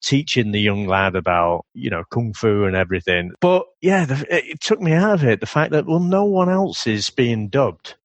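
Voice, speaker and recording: A man's voice: mid-range voice, sing-song, moderate pace, few pauses, no echo. A man co-hosting a podcast, chatting casually about an old martial arts film, often laughing and mimicking lines. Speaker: podcast co-host.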